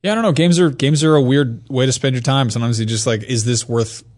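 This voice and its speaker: A man co-hosting a casual podcast chat about video games, talking freely and breaking into silly put-on voices. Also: fast talker. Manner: animated, jumps into high silly voices for impressions. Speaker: podcast co-host.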